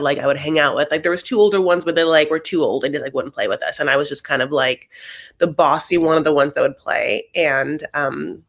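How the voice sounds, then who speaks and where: A woman's voice: sits low, a bit bright. A young adult woman hosting a casual TV recap, chatty and sassy with rambling asides. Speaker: host.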